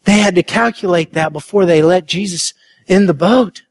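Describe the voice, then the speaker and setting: High-voiced earnest male preacher. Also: normal speed. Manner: earnest, building to emphatic shouts. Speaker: pastor. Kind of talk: sermon.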